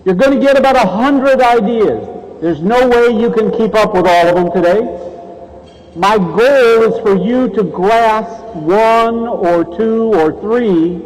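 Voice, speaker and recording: A man's voice: sits high, measured pace, a little mellow. A man giving a motivational keynote speech and joking playfully with the audience in a large conference hall. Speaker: keynote speaker. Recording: reverberant hall.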